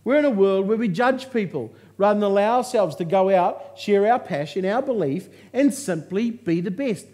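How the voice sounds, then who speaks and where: A man's warm, high, animated voice moves at a normal speed with few pauses as he speaks on stage. The motivational speaker tells his story to a live audience with humour, jokes, and punchy lines.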